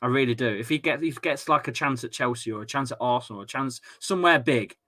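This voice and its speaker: A man's voice: mid-range voice, quick pace, sharp tone. A young Englishman hosting a football fan watchalong, reading out chat comments in a jokey, rambling way and often repeating himself. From England. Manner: chatty, jokey, repeats himself and stumbles on words. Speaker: host of a fan watchalong stream. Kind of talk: casual live-stream chat reading comments.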